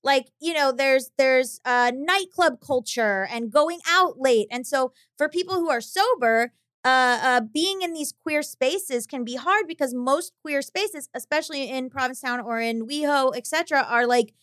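High-voiced woman podcast co-host. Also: moderate pace, a bit bright, clean tone, dry recording, clean studio sound. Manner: asks questions, playful interjections. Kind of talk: casual chat.

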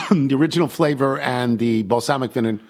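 A man's voice: mid-range voice, normal speed, darkish tone. An older man hosting a talk show, chatting casually and telling rambling, self-deprecating stories. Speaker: host. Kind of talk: casual chat.

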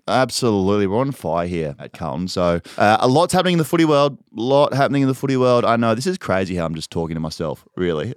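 A man's voice: medium pitch, big pitch swings, fairly quick, no echo, studio quality. A man with an Australian accent hosting a podcast in casual, rambling, jokey chat, swearing freely. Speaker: podcast host. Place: studio.

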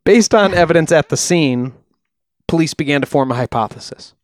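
A man co-hosting a podcast, recounting a true-crime case in a relaxed, chatty way with frequent ums. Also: a little high, a little fast, no room sound, clean studio sound. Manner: relaxed, uses fillers like uh and um. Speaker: podcast co-host. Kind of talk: casual true-crime storytelling.

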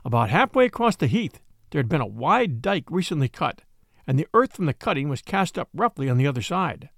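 A man narrating a classic novel in an expressive, measured storytelling manner. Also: on the high side, vocal fry, dry recording, clean studio sound. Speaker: audiobook narrator.

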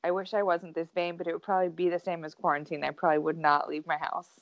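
A woman's voice: fairly low pitch, little pitch movement, fast, dry recording, muffled recording. A woman in her thirties co-hosting a casual chat, talking freely and filling her speech with "like" and "um". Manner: chatty, lots of "like" and "um". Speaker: podcast co-host. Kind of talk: casual chat among friends.

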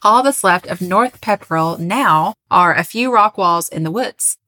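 Young woman podcast co-host, lowish voice, casual storytelling, laughs easily. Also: measured pace, pushed and bright. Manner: chatty, laughs often, reads listener messages.

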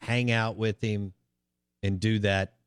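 Relaxed, rambling radio sports host, a man. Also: fairly low pitch, slow pace, smooth, dry recording, studio quality. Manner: relaxed, rambling, frequent ums and uhs. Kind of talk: casual sports talk radio chat.

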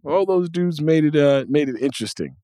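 A man hosting a sports podcast, joking loudly and swinging between high exclaims and low grumbles. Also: animated, brisk, dry recording, studio quality. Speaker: podcast host. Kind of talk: animated sports talk. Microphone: studio mic, dry close sound.

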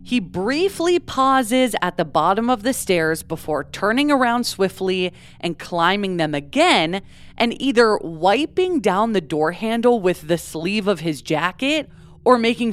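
A woman's voice: medium pitch, expressive, a little slow. A woman co-hosting a true crime podcast, recounting events in a casual, conversational way with many fillers. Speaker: podcast co-host.

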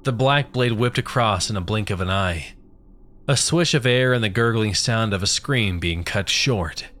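A man's voice: on the low side, moderate pace, a bit bright. Man narrating a grim horror story.

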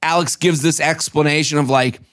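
High-voiced man in animated casual chat. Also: normal speed. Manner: animated, swears, acts out quotes. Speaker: podcast co-host. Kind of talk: casual chat recapping a reality show.

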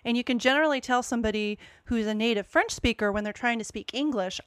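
A woman's voice: a little high, expressive, a little fast, hardly any pauses, a bit bright, smooth, no room sound, studio quality. A woman co-hosting a podcast, talking casually and thoughtfully about a song and how it is sung. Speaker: podcast co-host. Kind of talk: casual chat about music.

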